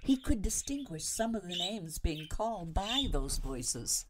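A woman, a radio host, reading a story aloud in a measured, expressive narration. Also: fairly low pitch, slight background noise.

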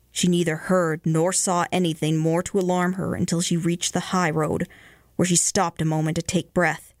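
A woman radio host reading ghost stories aloud in a measured way, slowing and hushing for the eerie parts. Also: fairly low pitch, dry recording, studio quality. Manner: measured, slows and hushes for eerie moments.

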